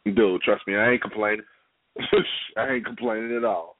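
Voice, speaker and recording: A man co-hosting a casual chat, relaxed and easygoing. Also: lowish voice, moderate pace, a little hiss or hum. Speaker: co-host. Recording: tinny phone-like line.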